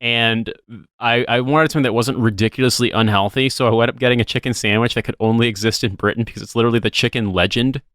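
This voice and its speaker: American guy rambling on a podcast, smooth clear voice, dead dry sound. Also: mid-range voice, fairly even intonation, fast talker, a bit bright, no room sound. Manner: rambling, swears casually, tries silly voices. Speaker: podcast co-host. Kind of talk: casual podcast chat.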